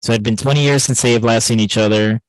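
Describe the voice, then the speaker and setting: A man's voice: medium pitch, fairly even intonation, quick pace, dry recording, poor audio. A man co-hosting a podcast, chatting casually about a film and rambling with many fillers and restarts. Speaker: podcast co-host.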